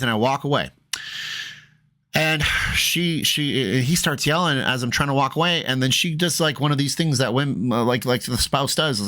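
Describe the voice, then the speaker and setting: A man vlogger telling a story in a rambling, chatty way, full of fillers, shifting between low asides and raised, animated bursts. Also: normal speed. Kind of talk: storytelling vlog.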